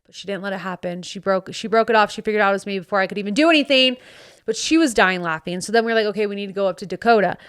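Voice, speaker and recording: A woman hosting a podcast, telling a story in casual chat and acting out her friends' lines in quick put-on voices, recorded close on a studio mic. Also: mid-range voice, smooth. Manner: animated, acts out friends' voices in quotes. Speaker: podcast host. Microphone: studio microphone.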